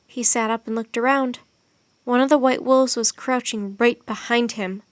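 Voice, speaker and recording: A woman narrating a children's chapter book aloud, reading in an expressive, steady way. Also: on the high side, normal speed, no echo. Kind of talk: audiobook narration.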